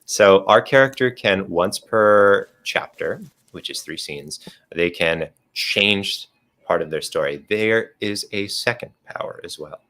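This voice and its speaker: Deep, forceful man explaining game rules. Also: expressive, measured pace. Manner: casual, explains step by step with restarts. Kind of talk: livestreamed tabletop game chat.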